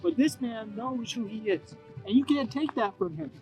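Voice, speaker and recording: A man hosting a deadpan mock interview, earnest and halting, rambling with lots of fillers. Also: very high voice, faint music behind, rough recording.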